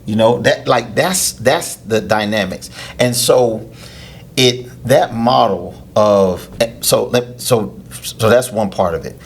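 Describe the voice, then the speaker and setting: A man, a youth lacrosse coach, explaining things in a casual interview with drawn-out hesitations. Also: lowish voice, gravelly, slightly rough. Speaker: head coach of a youth lacrosse team, podcast guest.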